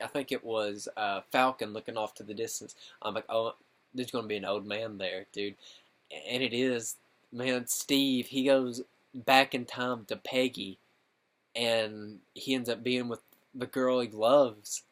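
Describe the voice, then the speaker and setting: A young man rambling excitedly through a casual film review, full of filler words and slang. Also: medium pitch, measured pace. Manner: rambling, excitable, constant "dude" and "like". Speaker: gaming channel host reviewing a film.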